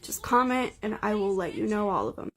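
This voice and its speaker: A woman's voice: medium pitch, lively intonation, brisk, slight background noise. A woman in her twenties telling a creepy personal story to her phone camera, in a blunt, wry, profane way. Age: 20s.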